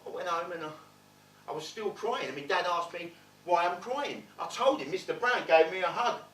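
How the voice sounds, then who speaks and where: A man performing a stage monologue, playing a streetwise man telling his rough childhood with blunt, swearing wit. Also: high-pitched, moderate pace, fairly bright tone, slight background noise. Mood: wry. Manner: wry, blunt, swearing storyteller. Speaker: stage actor in a one-man play. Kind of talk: theatrical monologue storytelling. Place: theatre stage. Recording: roomy theatre, distant mic.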